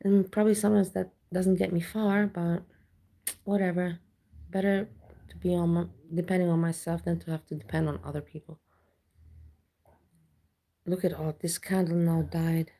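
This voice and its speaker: Gravelly low-voiced woman ranting on stream. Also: flat delivery, normal speed, long pauses, warm tone. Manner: blunt, ranting, reads chat aloud. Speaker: livestreamer chatting with viewers. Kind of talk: casual live-stream chat.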